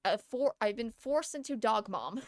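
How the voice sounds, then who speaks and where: A woman's voice: on the high side, lively intonation, unhurried, no room sound. A young woman streaming a game from home, chatting in a rambling way and laughing often. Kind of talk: casual chat while gaming.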